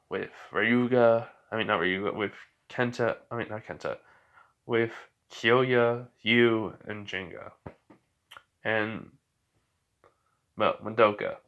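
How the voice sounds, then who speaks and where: A man's voice: mid-range voice, takes it slowly, fairly bright tone. A man casually narrating a fan story, rambling with lots of fillers and corrections.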